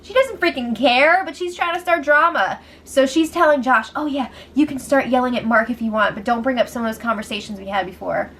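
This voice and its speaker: A high-voiced woman running through a casual reality show recap. She talks with a sarcastic edge, laughs often and mocks the people she quotes. Faint noise sits under her voice. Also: brisk, few pauses, fairly bright tone.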